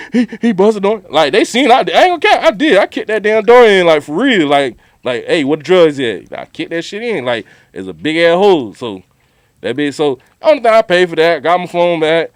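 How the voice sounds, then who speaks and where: A man with a slightly high voice tells a story on a podcast in lively, slangy talk. He acts out other people's quotes as he goes. The room is dry and close. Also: no echo. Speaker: podcast co-host. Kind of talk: casual storytelling chat.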